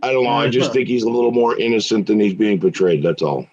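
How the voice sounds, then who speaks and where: A man's voice: fairly low pitch, fairly even intonation, quick pace, darkish tone, lo-fi sound. A man from Puerto Rico co-hosting a live stream by remote call, blunt and joking as he reads the chat aloud. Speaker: co-host of live fan show.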